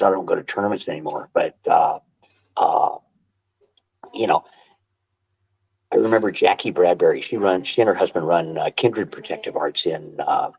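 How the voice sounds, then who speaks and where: An older man telling stories as a podcast guest, animated and quick to restart his sentences, on dull lo-fi audio. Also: low-pitched, creaky, breathy edge. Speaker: guest, martial arts instructor. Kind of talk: casual storytelling interview.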